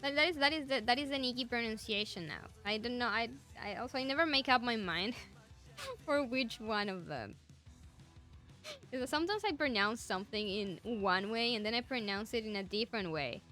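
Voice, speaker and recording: A woman's voice: a little high, lively intonation, moderate pace, bright, forceful tone, faint music behind. A young woman with a Spanish accent, a native Spanish speaker, chatting casually and enthusiastically with her stream viewers. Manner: enthusiastic, rambling.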